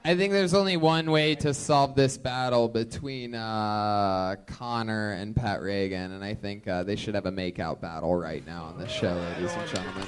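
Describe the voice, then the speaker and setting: A man's voice: on the low side, lively intonation, moderate pace, few pauses, music in the background. A man hosting a live comedy podcast, teasing guests with sarcastic questions. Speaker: podcast host.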